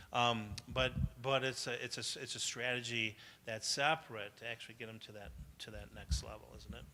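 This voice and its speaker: At a live business event, a man gives a motivational talk to entrepreneurs in a chatty, anecdotal way, often laughing and putting questions to the audience. His mid-range voice has fairly even intonation, a brisk pace and a sharp tone, with a little hiss or hum in the recording.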